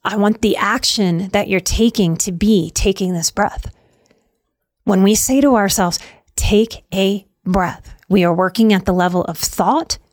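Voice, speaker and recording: A woman's voice: medium pitch, darkish tone, dry recording. Soothing woman with a dry close sound. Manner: slow, soothing, emphatic repetition. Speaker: self-help speaker on anxiety. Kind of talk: self-help talk.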